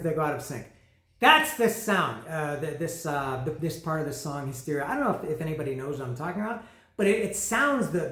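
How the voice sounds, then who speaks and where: A man's voice: high voice, reverberant. A man giving a casual, rambling album review, often restarting his sentences and poking fun at his own explanations.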